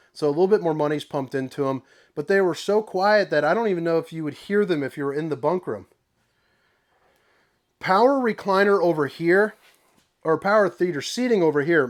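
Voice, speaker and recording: A young man selling RVs, giving an upbeat, rambling walkthrough tour of a trailer. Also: fairly high pitch. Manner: upbeat, enthusiastic, rambling asides. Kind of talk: casual product tour.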